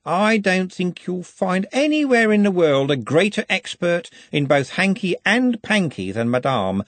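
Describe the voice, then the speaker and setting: A man's voice: high-pitched, big pitch swings, measured pace, no echo, voice pushed up. A man reading aloud, voicing a sly, hard-drinking man who makes sardonic wisecracks. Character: sly thirsty man, fashion hanger-on.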